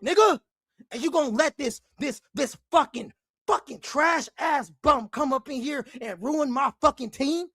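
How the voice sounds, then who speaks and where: A man hosting a basketball fan show, ranting angrily with heavy profanity and frequent shouting. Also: extremely high pitch, measured pace, no echo, clean studio sound. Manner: angry, profane, often shouting. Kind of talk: heated fan rant.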